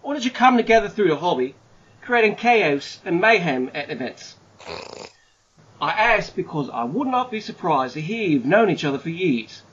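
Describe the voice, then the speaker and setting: A man's voice: high voice, very animated, normal speed, fairly bright tone, breathy edge, muffled recording, pitched above the performer's own voice, exaggerated voice. A man putting on a hammy mock Aussie accent.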